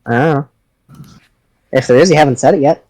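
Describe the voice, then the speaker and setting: A woman's voice: low-pitched, fairly quick, a little mellow. A man voicing a self-assured, teasing female companion who answers coyly and dodges every request. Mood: coy, evasive. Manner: coy and noncommittal. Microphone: online voice chat.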